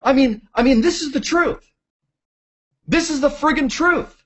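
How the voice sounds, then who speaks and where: A man's voice: extremely high pitch, measured pace, fairly bright tone, voice pushed up. A man voicing an astonished viewer, with breathless, amazed exclamations. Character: wide-eyed man newly waking up to news. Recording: dull lo-fi audio.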